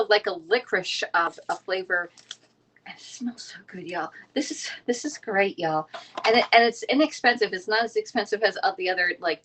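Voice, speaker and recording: Fast-talking chatty woman, lowish voice. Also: a bit bright. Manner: fast-talking, chatty, reads viewer comments aloud. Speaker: livestream cooking host. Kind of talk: casual live cooking chat. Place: home kitchen.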